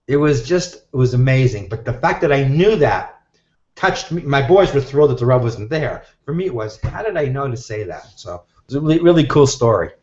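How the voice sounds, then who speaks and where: A man telling a story in an animated way and acting out the voices of the people he quotes, heard over a live video call. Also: mid-range voice, brisk. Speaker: guest teacher. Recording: echoey, dull video-call audio.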